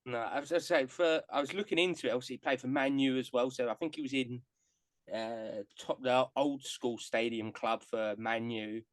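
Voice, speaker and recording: A man's voice: medium pitch, normal speed, dry recording. A man hosting a casual podcast chat, an enthusiastic and self-deprecating fan of the players he discusses. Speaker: podcast host. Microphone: podcast mic on live stream.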